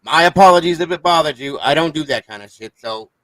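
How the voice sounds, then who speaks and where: A man's voice: a little high, lively intonation, fast, a bit bright, no echo, poor audio. A man hosting a casual livestream chat, talking bluntly and swearing often. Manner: blunt, profane, defensive. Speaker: livestream host.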